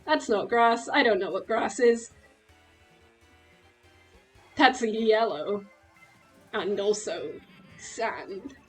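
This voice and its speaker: A woman streaming a game, chatting casually in an excitable, giggly way with quick exclamations. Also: mid-range voice, soft background music, low-quality recording. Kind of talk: casual gameplay chat.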